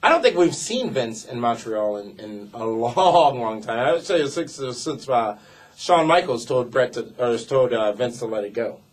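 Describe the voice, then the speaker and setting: A man's voice: medium pitch, expressive, moderate pace. A man co-hosting a casual wrestling show, reading viewer emails aloud with playful emphasis. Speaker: co-host reading viewer mail. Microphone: desk mic.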